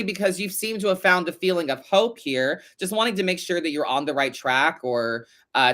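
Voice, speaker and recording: A man hosting a casual live-stream tarot reading, chatty and animated, swearing now and then as he talks to his viewers. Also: on the high side. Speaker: tarot reader host.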